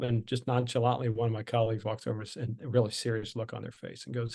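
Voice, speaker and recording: A man's voice: mid-range voice, level tone, quick pace, creaky, mellow. Candid storytelling man, podcast guest. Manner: candid, conversational, many fillers and restarts. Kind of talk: storytelling in conversation.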